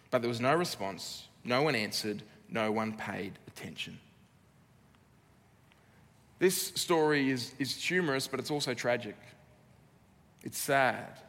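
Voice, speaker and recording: Australian pastor, earnest emphatic sermon delivery, long church-hall reverb. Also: male voice, mid-range voice, a bit bright. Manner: earnest, emphatic preaching with dramatic pauses.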